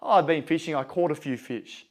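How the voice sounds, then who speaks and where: A man voicing a relaxed, contented fisherman who speaks softly and without hurry. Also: on the high side, brisk, close to an everyday voice.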